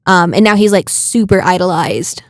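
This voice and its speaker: A young woman co-hosting a podcast, chatting casually and getting indignant in quick bursts. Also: lowish voice, dry recording, studio quality. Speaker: podcast co-host. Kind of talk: casual chat.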